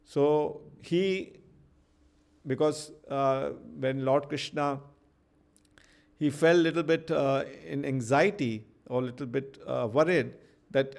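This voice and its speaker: A man teaching a devotional scripture class, stopping to translate himself line by line, with halting restarts. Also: medium pitch, fairly even intonation, gravelly. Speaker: preacher.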